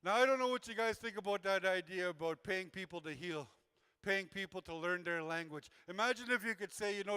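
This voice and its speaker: A man's voice: high-pitched, brisk, pushed and bright, clean tone. A man who works with youth, giving an earnest, repetitive motivational talk to a community gathering and acting out the voices of the people he quotes. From Canada. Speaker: youth worker and speaker.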